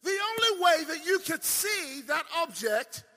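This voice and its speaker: A male preacher delivering a sermon with emphatic swings between shouting and hushed asides, often asking the congregation questions. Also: very high voice, big pitch swings, a little slow. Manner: playful, asks the crowd questions. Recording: long reverb of a large hall.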